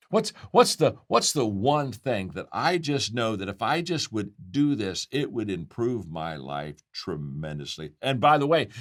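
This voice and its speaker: Older male motivational speaker, animated pitch, emphatic, repeats key lines for effect. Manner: emphatic, repeats key phrases, frequent restarts. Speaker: leadership speaker. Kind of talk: motivational talk to a live audience.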